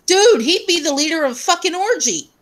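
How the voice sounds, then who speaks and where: A woman's voice: extremely high pitch, animated, normal speed, a bit bright. A woman co-hosting a casual chat show who laughs often, swears casually and reads viewer messages aloud.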